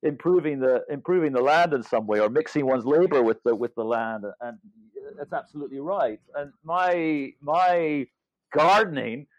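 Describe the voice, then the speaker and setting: A man's voice: fairly high pitch, moderate pace, no echo. A man in his fifties or older, an author speaking as a guest, talking thoughtfully with many hesitations and restarts. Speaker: author and legal scholar guest. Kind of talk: reflective interview conversation. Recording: dull, dry lo-fi sound.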